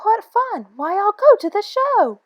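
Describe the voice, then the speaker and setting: A woman voicing a lazy, flighty female bird in a storybook reading, with a shrill, squealing voice. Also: huge pitch swings, takes it slowly, no echo, dull audio, heavily acted. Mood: gleeful.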